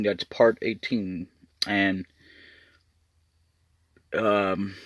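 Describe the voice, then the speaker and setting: Low-voiced man rambling to camera. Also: gravelly, no echo. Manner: rambling, many restarts. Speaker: YouTuber. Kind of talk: casual rambling update video.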